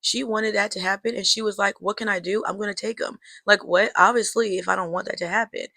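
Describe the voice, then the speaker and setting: A woman's voice: mid-range voice, steady tone, fast, creaky, bright, forceful tone, no room sound. A young woman telling a personal story to her viewers in a casual, chatty way, talking to them as girl and y'all and drawing a life lesson from it. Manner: reflective, draws life lessons.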